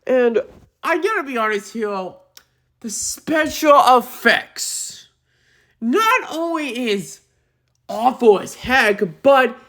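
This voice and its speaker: A woman ranting in a movie review, angry, repeating herself and breaking into shouts. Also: on the high side, big pitch swings, takes it slowly, long pauses. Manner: repeats herself and restarts often.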